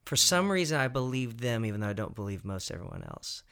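A man's voice: medium pitch, big pitch swings, quick pace, a bit bright, clear, resonant tone. A man with a Southern US accent, a guest on a panel discussion, reflective, searching for words and laughing easily.

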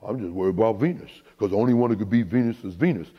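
Preacher man doing gruff blunt dad voice, low and quick, long echoey reverb. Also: dull audio, lightly acted. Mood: blunt, insistent. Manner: drawling, repeating himself bluntly. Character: gruff blunt middle-aged father of a tennis star.

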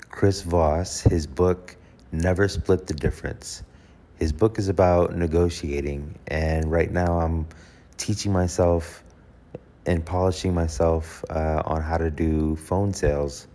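A man's voice: low-pitched, fairly even intonation, slow, warm tone. A man talking casually to camera about handling requests, correcting himself and acting out short example exchanges. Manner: conversational, self-correcting, acts out example dialogue. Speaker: host. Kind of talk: casual advice talk.

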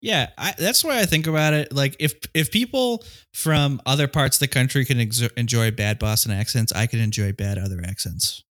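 Man, co-host, emphatic, profane, bright voice. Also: mid-range voice, normal speed, hardly any pauses. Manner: emphatic, profane, says dude a lot. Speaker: podcast co-host. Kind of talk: casual movie chat.

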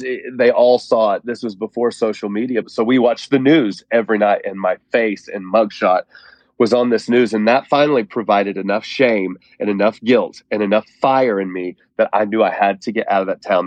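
Man, fairly low voice, earnest heartfelt testimony, dry close sound. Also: no room sound, muffled recording. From Oklahoma. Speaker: guest. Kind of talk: personal testimony in an interview.

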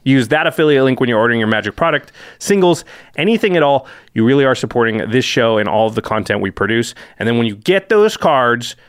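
A man's voice: mid-range voice, fast, smooth, no echo. Chatty male podcast host, dry sound. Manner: chatty and animated, with filler words. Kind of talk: casual podcast chat.

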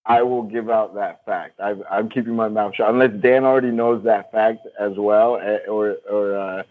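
A man's voice: on the low side, steady tone, normal speed, phone-quality sound. A man co-hosting a podcast, telling a story with giggles and hesitations. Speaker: podcast co-host. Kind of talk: casual chat.

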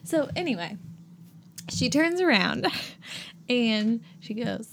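Young woman recapping a movie on a podcast, kinda high voice, giggly and worked up. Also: slow, background noise. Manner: animated, giggly, exasperated storytelling. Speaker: podcast co-host.

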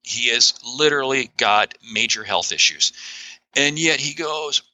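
A man talking as a guest author in a podcast interview, animated and emphatic, with frequent exclamations. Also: medium pitch, unhurried, no echo, low-quality recording.

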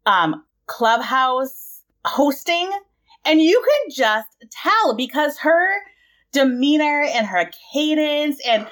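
A young woman co-hosting a podcast in casual chat, animated and playful, laughing often. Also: sits high, slow pace. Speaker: podcast co-host.

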